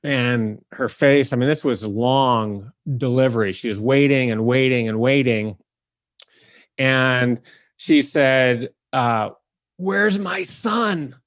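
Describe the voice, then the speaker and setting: A man from the Detroit area hosting a podcast and telling a lively story, acting out the people in it. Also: medium pitch, slow, no echo. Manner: animated, acts out the people in his story. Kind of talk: casual storytelling.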